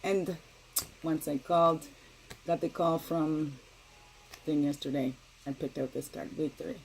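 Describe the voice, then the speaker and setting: A middle-aged woman giving a casual daily spiritual card reading, talking in a gentle, meandering way and often asking "right?". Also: low voice, steady tone, a little slow, a little hiss or hum, poor audio.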